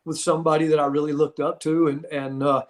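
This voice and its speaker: A man's voice: on the high side, fast. A man in his fifties, a podcast host and former wrestler, telling stories in casual chat with frequent laughs. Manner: animated storyteller, laughs often.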